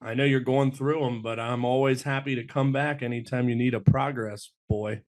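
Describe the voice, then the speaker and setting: A man's voice: medium pitch, fairly even intonation, normal speed, darkish tone. Playful, laughing male podcast guest. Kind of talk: casual podcast chat.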